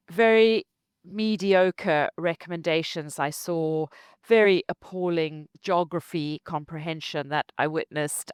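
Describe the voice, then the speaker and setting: Zimbabwean woman, low smooth voice. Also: dry recording. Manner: animated, laughs often, acts out quotes. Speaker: company founder, guest. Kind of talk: conversational interview storytelling.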